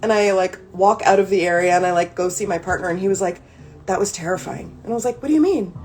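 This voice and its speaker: A woman's voice: lowish voice, fairly even intonation, a little mellow. Candid woman chatting on a live stream. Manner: candid, swearing, quick digressions with laughing asides. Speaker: creator reading a therapy workbook on a live stream. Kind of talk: casual live-stream chat. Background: faint ambient music.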